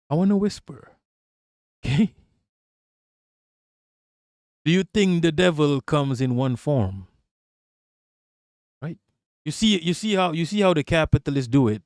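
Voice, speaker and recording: A man's voice: a little high, lively intonation, normal speed, pauses often, a little mellow, no echo, studio quality. A man giving a casual livestream rant as an online political commentator, emphatic and profane, firing off rhetorical questions and repeating himself.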